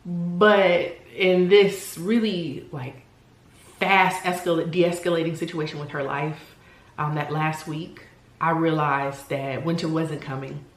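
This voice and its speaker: A woman in her forties with a somewhat low voice speaks earnestly and from the heart, pausing now and then to find her words. Her candid vlog talk rings in an echoey room. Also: steady tone. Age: 40s. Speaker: vlogger.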